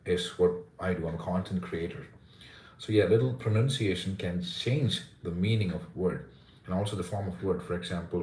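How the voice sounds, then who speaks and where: A man's voice: low-pitched, darkish tone. A man who teaches pronunciation, explaining earnestly during a live question-and-answer lesson. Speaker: pronunciation teacher and content creator. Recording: roomy echo.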